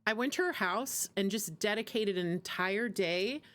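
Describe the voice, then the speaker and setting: A woman's voice: medium pitch, normal speed, a bit bright. A woman streaming a game and chatting casually in a rambling way, laughing often between asides. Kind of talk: casual chat while gaming.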